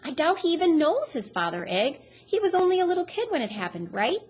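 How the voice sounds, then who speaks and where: A woman reading aloud, voicing a loud, mocking woman who giggles and taunts. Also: high voice, big pitch swings, a little fast, muffled recording, pitched above the performer's own voice. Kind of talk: read-aloud storytelling.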